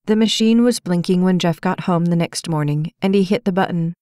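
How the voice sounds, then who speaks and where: A woman's voice: lowish voice, fairly quick, mellow, no room sound, clean studio sound. A woman narrating a romance novel audiobook, reading all the characters' dialogue in her own voice. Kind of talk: scripted narration.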